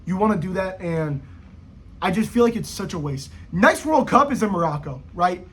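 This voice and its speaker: A man's voice: lively intonation, moderate pace, fairly bright tone, slight background noise. A young man ranting casually to camera as a football vlogger, rambling, slangy and profane. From United States. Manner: rambling, slangy, profane, jumpy pitch swings.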